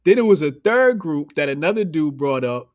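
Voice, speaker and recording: A man's voice: a little high, normal speed, dry recording. Dry-sounding male podcast host. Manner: relaxed, anecdotal, agreeable interjections. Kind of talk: casual conversation.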